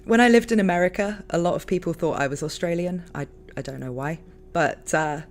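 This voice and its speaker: A woman with a London accent, hosting a casual stream chat, talkative and quick to laugh. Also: on the low side, a little hiss or hum. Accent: London English. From London, England. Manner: chatty, laughs often, many fillers. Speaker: streamer host.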